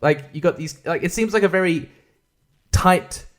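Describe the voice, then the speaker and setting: A man's voice: high voice, normal speed. A man hosting a podcast, chatting casually about a film in a rambling, joking and profane way. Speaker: podcast host. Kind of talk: casual film-review chat.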